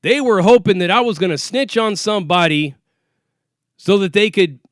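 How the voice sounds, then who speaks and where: A man's voice: sits high, animated, normal speed, no room sound, studio quality. A man telling a story about his time in jail in a casual, profane, streetwise way, acting out what people said. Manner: profane, streetwise, acts out quoted dialogue. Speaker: former inmate telling prison stories.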